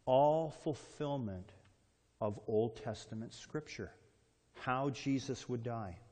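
A man's voice: mid-range voice, slow, mellow. A man preaching a sermon with emphatic delivery, reading scripture aloud and putting questions to the congregation. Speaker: pastor. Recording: long hall reverb.

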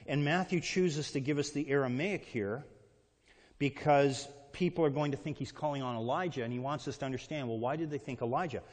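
A man's voice: mid-range voice, fairly quick. A man preaching a sermon with emphatic delivery, reading scripture aloud and putting questions to the congregation. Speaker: pastor. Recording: long hall reverb.

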